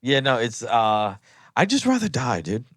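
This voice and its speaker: A man's voice: medium pitch, wildly swooping pitch, normal speed, a bit bright, no echo, studio quality. A laid-back man chatting on a podcast, mostly agreeing with short interjections. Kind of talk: casual chat.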